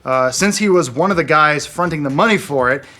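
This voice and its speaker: A man's voice: on the high side, brisk, bright, forceful tone. A man co-hosting an entertainment news show, trading sarcastic wisecracks in jokey banter. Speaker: co-host.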